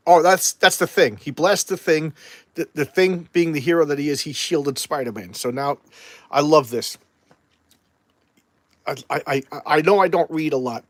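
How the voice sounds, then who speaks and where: A man's voice: a little high, moderate pace, no room sound. A man rambling through an opinionated casual review of an old comic book.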